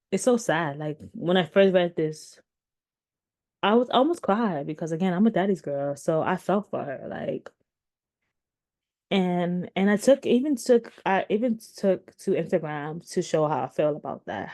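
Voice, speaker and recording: A woman's voice: lowish voice, darkish tone. A woman in her thirties giving casual commentary to her viewers, rambling with many restarts and fillers. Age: 30s. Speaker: commentary vlogger.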